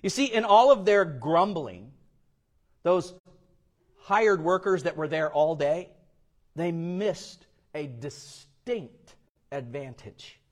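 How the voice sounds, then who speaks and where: Preacher guy, bit higher voice, goes loud then real quiet, acts out the stories. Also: lively intonation, slow. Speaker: pastor. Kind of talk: sermon.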